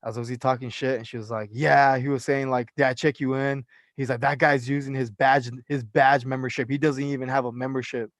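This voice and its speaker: A man's voice: medium pitch, a little fast, few pauses, no echo, clean studio sound. A young man from California, a personal trainer, telling a story in casual podcast chat with lots of fillers and swearing. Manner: animated storyteller, profane, many fillers.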